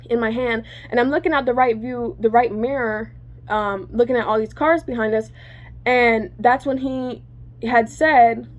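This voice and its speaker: A woman's voice: fairly high pitch, lo-fi sound. A woman telling a personal story to her viewers in casual chat, rambling and correcting herself, cursing freely.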